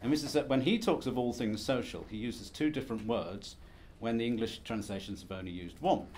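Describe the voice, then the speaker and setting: An academic gives a conference presentation, lecturing in a wry, self-deprecating, conversational way. His voice is medium-pitched with a darkish tone, he speaks a little fast, and there's slight background noise.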